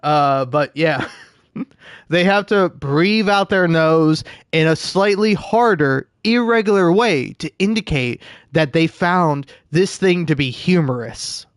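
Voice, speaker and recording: A man's voice: fairly high pitch, takes it slowly, smooth, no echo, clean studio sound. Profane ranting man, game commentary. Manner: ranting, profane, laughing at himself. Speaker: gameplay streamer.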